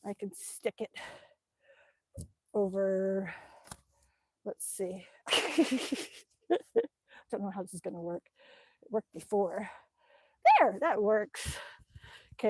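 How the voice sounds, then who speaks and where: A woman's voice: medium pitch, warm tone, no room sound. A woman from Alaska chatting casually on a livestream while pedaling an exercise bike outdoors, gushing over her dog into a cell phone. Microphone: cell phone on a stand.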